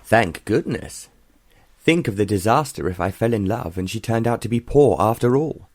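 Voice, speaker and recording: A male audiobook reader voicing an arrogant young gentleman who teases in a mocking drawl. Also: lowish voice, animated, normal speed, no room sound. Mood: teasing.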